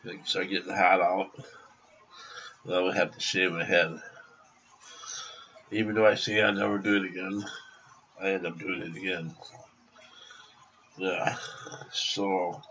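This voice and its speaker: A man's voice: sits low, fairly even intonation, measured pace, pauses often, fairly bright tone, slight background noise. A man vlogging from home by his computer, rambling, repeating himself and swearing freely, in a dull lo-fi recording. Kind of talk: rambling casual vlog.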